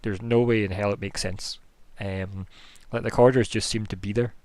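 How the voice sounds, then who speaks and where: A man's voice: fairly low pitch, fairly even intonation, normal speed, a little mellow, no echo. A man narrating as game master, describing scenes in a loose, rambling way with many fillers.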